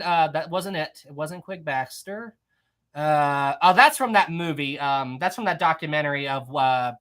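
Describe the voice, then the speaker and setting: A live-stream trivia host with a slightly bright, mid-range voice reads viewers' answers aloud in casual chat. Upbeat and laughing often, they repeat both praise and questions.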